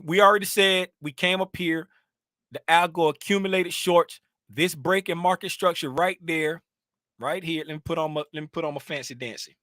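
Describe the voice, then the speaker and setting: A man casually walking through a chart on a screen share, thinking out loud and talking to himself in a chatty, animated way. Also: a little high, normal speed, no room sound, studio quality. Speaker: trading educator.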